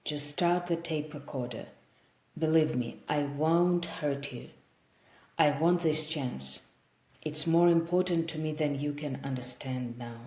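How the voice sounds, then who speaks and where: Woman reading as a sad, gentle old vampire man. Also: low-pitched. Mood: gentle, wistful. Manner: soft, measured, wistful storytelling. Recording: roomy echo.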